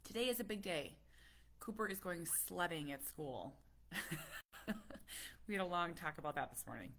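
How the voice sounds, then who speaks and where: A woman talking casually to her viewers about her family, chatty and animated, a little stuffy from a cold. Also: lowish voice, moderate pace. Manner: chatty, animated, laughs often. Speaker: parent vlogger. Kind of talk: casual chat.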